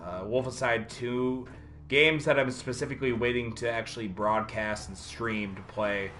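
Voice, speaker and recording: A man's voice: medium pitch, steady tone, moderate pace, fairly bright tone, a little hiss or hum. A man streaming a video game live, chatting casually and rambling with many fillers while answering viewers.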